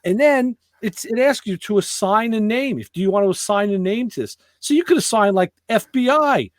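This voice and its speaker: A man's voice: sits high, normal speed, no echo, studio quality. A man hosting a podcast, telling stories in a casual chat and acting out the other people's lines. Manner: animated, acts out dialogue in voices. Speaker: podcast host.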